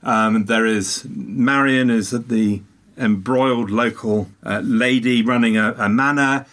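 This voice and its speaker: A man chatting casually, telling a long story with animated asides and tangents. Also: medium pitch, slow pace. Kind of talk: casual chat.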